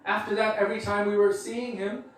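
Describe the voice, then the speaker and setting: A male preacher tells a personal story casually and conversationally, packing it with fillers. His high voice moves briskly with little pitch movement, recorded in an echoey hall with the mic far off.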